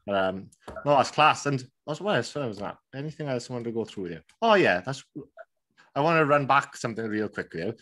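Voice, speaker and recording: A Welsh man with a Welsh accent hosting a podcast, talking in a relaxed, chatty way with lots of fillers. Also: medium pitch, fairly quick. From Wales. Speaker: podcast host. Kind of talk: casual podcast chat.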